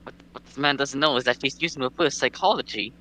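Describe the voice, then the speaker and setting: A man in a casual comedy chat, riffing quick jokes. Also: mid-range voice, bright, forceful tone, no echo, poor audio.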